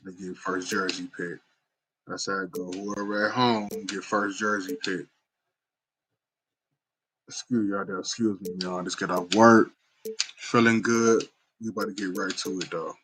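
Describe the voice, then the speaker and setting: A man's voice: deep voice, level tone, normal speed, long pauses, a bit bright, slight background noise, poor audio. A man giving casual, slangy gameplay commentary and talking straight to his viewers as a gaming YouTuber. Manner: laid-back, slangy, talks straight to viewers.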